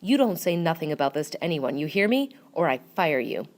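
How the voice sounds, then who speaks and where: A woman's voice: lowish voice, expressive, normal speed, a little mellow, natural voice. A woman voicing a harsh middle-aged female employer who scolds in clipped, broken English with a Cantonese accent. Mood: scolding.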